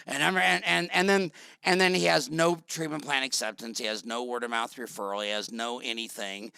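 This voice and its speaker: A man's voice: mid-range voice, steady tone, fairly quick, gravelly, sharp tone, clear, resonant tone, dry recording. A middle-aged man hosting an interview, telling blunt, rambling stories in casual talk. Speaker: podcast host.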